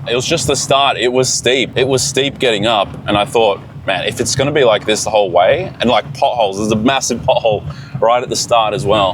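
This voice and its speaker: A man vlogging while he drives a small car up a mountain road, excited and swearing a lot as he talks to himself. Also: on the low side, background noise. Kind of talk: casual travel vlog.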